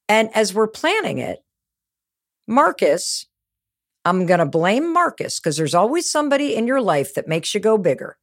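A woman's voice: mid-range voice, very animated, moderate pace. A middle-aged woman giving a motivational talk, telling stories with energy and emphasis. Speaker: motivational speaker.

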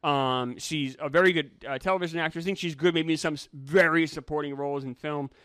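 A man co-hosting a casual film-review chat, animated and incredulous as he teases his co-host. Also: fairly high pitch, fast talker, clear, resonant tone, dry recording, clean studio sound. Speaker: podcast co-host.

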